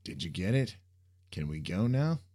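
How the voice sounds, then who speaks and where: A man's voice: sits low, very animated, moderate pace, mellow. A man voicing a laid-back, reluctant young man who banters sardonically. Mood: wry.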